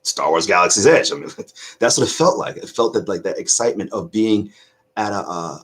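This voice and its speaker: A middle-aged man hosting a casual reaction video, choked up with emotion, talking earnestly in halting restarts. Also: fairly low pitch, fairly bright tone, slightly rough. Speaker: YouTube reaction host.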